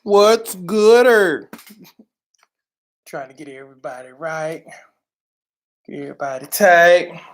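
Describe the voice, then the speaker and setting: Slow-talking upbeat woman live-streaming. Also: on the low side, lively intonation. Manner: upbeat, greets viewers by name, calls out loudly. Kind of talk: casual live-stream chat with viewers. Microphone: camera mic. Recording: roomy echo.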